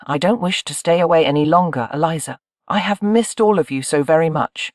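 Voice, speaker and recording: A narrator voicing a young woman who speaks softly and humbly to her family, in an audiobook. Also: medium pitch, fairly quick, no room sound, clean studio sound, natural voice. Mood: soft, contrite. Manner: soft, humble. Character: young woman, contrite, struggling with pride.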